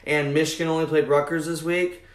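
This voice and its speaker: A man with a Midwestern American accent hosting a casual podcast, excitable and quick to laugh. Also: a little high, reverberant, a loud crowd. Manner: excitable, laughing, plugs the show. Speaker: podcast host.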